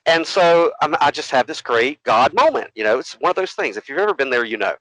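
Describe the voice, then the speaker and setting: Male podcast co-host, animated storyteller, dry close mic. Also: a little high, brisk, no echo, poor audio. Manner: animated storytelling, acts out other voices. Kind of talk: casual storytelling.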